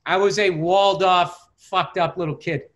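A middle-aged man chats casually, telling long stories with plenty of swearing. His voice sits high for a man and has a bright, forceful edge. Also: steady tone, moderate pace. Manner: profane, rambling storytelling. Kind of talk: casual chat.

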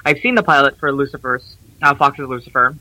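A man's voice: mid-range voice, animated, brisk, sharp tone, no room sound, low-quality recording. A man co-hosting a podcast who eagerly jumps in to explain details in casual chat. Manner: eager, talks over others, explains lore. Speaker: podcast co-host.

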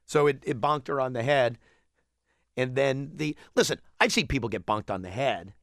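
A man's voice: mid-range voice, expressive, normal speed, fairly bright tone, dry recording, clean studio sound. A man co-hosting a talk show, casually retelling a news story in a rambling way with frequent chuckles. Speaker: radio show co-host.

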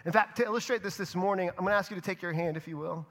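A man preaching a sermon as pastor, speaking in short phrases with dramatic pauses and swinging between loud emphasis and hushed delivery. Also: high voice.

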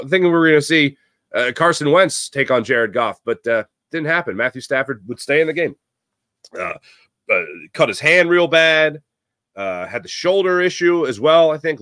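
A man's voice: fairly low pitch, a bit bright, dry recording, clean studio sound. A man hosting a sports talk show, giving a rambling, jokey monologue with lots of fillers. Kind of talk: casual sports commentary monologue.

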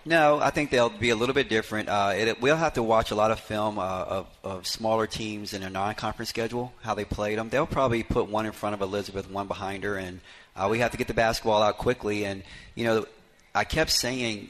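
Low-voiced coach telling folksy stories. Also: male voice, fairly even intonation, fairly quick, fairly bright tone. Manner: folksy storyteller, many "you know" fillers. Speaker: head basketball coach. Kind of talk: live radio interview. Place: live broadcast at a bar with fans.

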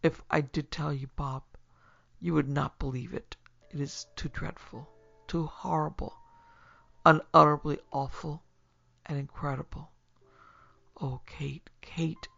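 A man voicing a distraught, heartbroken young man in a story reading, gasping and often dropping to a whisper, with a gravelly tone. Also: a little high, flat delivery, a little slow, pauses often, sharp tone, highs cut off, heavily acted.

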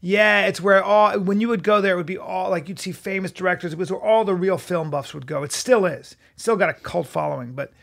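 A man's voice: sits high, a little fast, gravelly, few pauses, a bit bright. A man in his late forties co-hosting a podcast, trading crude, joking banter in casual chat. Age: late 40s. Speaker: podcast co-host.

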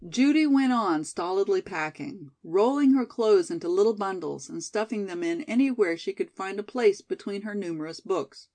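A woman's voice: medium pitch, expressive, normal speed, few pauses, darkish tone. A woman reading a novel aloud as narrator, lifting her voice for the quoted lines. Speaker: audiobook narrator.

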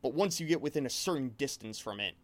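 Male game master, average pitch, rambling animated storyteller, casual chat. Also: quick pace.

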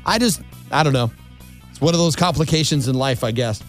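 A man's voice: on the high side, fairly quick, faint music behind. A male radio talk show host chatting in an easygoing, casual way, with plenty of fillers.

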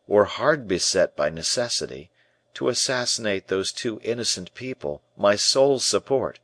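A man's voice: fairly low pitch, fairly bright tone, no echo. A man reading the part of a proud, earnest young male prisoner who presses with searching, defiant questions.

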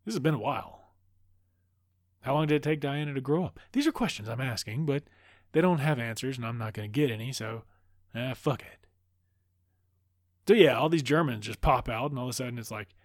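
A man's voice: medium pitch, brisk, no echo, clean studio sound. A man giving a profane, sarcastic comedic movie recap full of rambling asides.

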